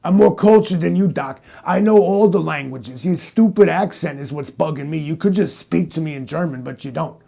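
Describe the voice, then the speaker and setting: Man doing a loudmouth bully cop, cocky and needling, gravelly and dark-toned, for a comedy audio drama. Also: a little high, moderate pace, few pauses. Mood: mocking. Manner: cocky and bullying, jabs with "Doc". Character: brash, loud tough-guy cop man.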